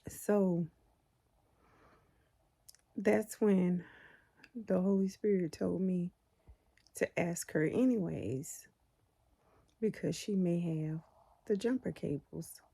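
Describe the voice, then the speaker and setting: A woman's voice: on the low side, slow pace, creaky, long pauses, dark tone, slightly rough. A woman casually telling a personal faith testimony, rambling and conversational with frequent fillers and restarts. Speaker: Christian storyteller sharing a testimony.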